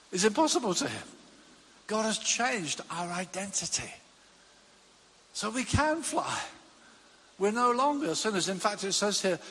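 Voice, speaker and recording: A man delivers a sermon in a high, husky voice that leaps up and down as he acts out his illustrations. His words ring with the long reverb of a church hall. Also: a bit bright. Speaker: preacher.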